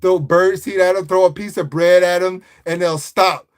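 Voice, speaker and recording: A man hosting a livestream, chatting casually in a rambling, slangy, animated way and greeting viewers. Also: high voice, moderate pace, clear, resonant tone. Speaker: livestream host. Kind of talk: casual live chat.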